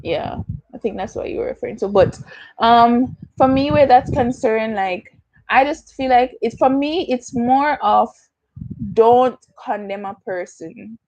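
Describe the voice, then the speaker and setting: A woman's voice: fairly high pitch, a little slow, darkish tone, no echo, muffled recording. A young adult woman with a Jamaican accent, chatting casually as she hosts a livestream Q&A, slipping into patois and answering viewer comments. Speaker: YouTuber hosting a livestream Q&A.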